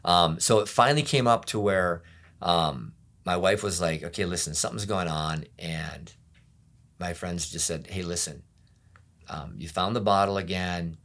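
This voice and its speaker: A middle-aged pastor telling his own story in an interview, candid and often quiet, acting out the voices of people around him. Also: deep voice, normal speed. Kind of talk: personal testimony interview.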